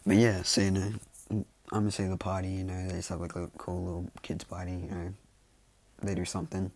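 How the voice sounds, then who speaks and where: Deep, gravelly man rambling casually. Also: completely flat delivery, fast talker, a little mellow, no echo. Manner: rambling, full of fillers like "you know" and "like", self-correcting. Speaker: storyteller. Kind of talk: casual improvised fan-story telling.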